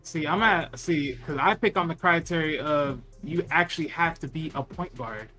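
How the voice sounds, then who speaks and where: A man's voice: fairly high pitch, normal speed, sharp tone, soft background music. A man on a sports debate panel who holds firm to his own criteria. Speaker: panel guest.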